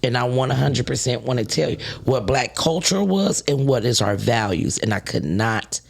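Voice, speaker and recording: A man's voice: mid-range voice, animated, normal speed, vocal fry, slightly rough. A man co-hosting a talk show, recounting something that just happened to him. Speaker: co-host. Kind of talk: casual chat.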